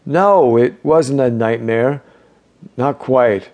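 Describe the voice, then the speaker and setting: A male narrator plays a gruff, shaken man in a hospital bed. He talks bluntly and swears easily. The delivery is unhurried and in a mid-range voice. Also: mid-range voice, darkish tone, highs cut off, natural voice. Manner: gruff and blunt, curses freely.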